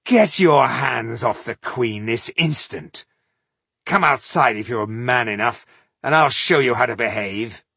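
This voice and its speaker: A man reading an audiobook, voicing an indignant, hot-tempered count with a husky, blustering voice. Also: high voice, lively intonation, unhurried, few pauses, no echo, voice pushed up. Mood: angry. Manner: blustering, furious.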